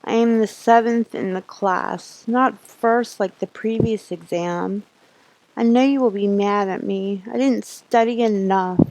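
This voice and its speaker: Woman reading as a sullen flat-voiced schoolgirl, slow, kinda dark tone. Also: medium pitch, natural voice.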